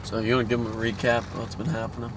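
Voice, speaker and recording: A man's voice: mid-range voice, little pitch movement, rapid-fire. A young man chatting and joking casually with friends. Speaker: vlogger's friend. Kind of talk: casual chat in a car. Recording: mic from a distance, some car noise.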